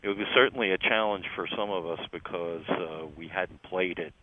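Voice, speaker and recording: An older man with a Philadelphia accent talks in a low voice, slow to find his words and full of ums and uhs. He comes through a narrow, tinny phone line. A faint hiss sits underneath him. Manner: relaxed, halting, many ums and uhs, wry laughs. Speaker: interview guest, musician. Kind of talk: phone interview chat.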